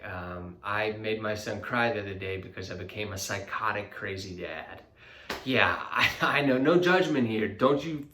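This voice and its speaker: A man in his thirties, a host talking about parenting in a confessional vlog, animated and self-mocking, acting out what others say. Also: mid-range voice, roomy sound. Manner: animated, self-mocking, acts out quoted voices. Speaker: vlogger.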